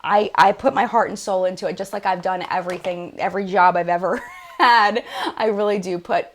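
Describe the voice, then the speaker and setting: A woman's voice: mid-range voice, steady tone, a little fast. A woman hosting a casual live-stream chat about makeup, gushing and chatty, full of "like" and "oh my gosh". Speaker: beauty channel host.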